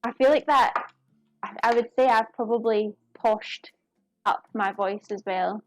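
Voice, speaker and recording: Chatty woman, slightly high voice. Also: measured pace, dry recording, soft background music. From United Kingdom. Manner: chatty, giggly, talks to viewers while working. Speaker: cooking streamer. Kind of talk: casual live-stream chat while cooking. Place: home kitchen.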